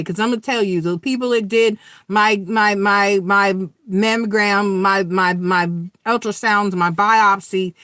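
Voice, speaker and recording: A woman's voice: mid-range voice, fairly bright tone, dry recording, studio quality. A middle-aged woman giving a live tarot reading, talking frankly and earnestly to her viewers and swearing freely. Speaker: tarot reader.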